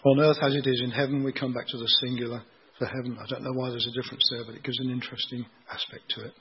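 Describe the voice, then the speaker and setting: A man giving a sermon, explaining scripture in an unhurried teaching manner and asking rhetorical questions. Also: medium pitch, flat delivery, husky, dull audio. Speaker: preacher.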